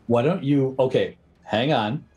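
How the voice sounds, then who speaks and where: A man's voice: mid-range voice, unhurried, darkish tone, faint music behind. A man running a tabletop game as game master, chatty and teasing the players while he explains rules.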